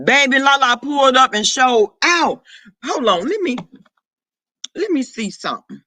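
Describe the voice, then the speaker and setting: A man, chatting casually on a live stream, sassy and profane, throwing quick asides to his viewers. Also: very high-pitched, expressive, pushed and bright, no room sound. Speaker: vlogger greeting live chat.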